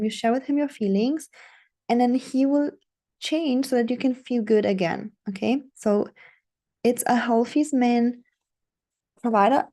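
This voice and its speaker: Firm, instructive dating advice comes from a woman coaching her viewers in a monologue. Her voice is fairly high but mellow and warm, and she repeats her points, frequently asking "okay?".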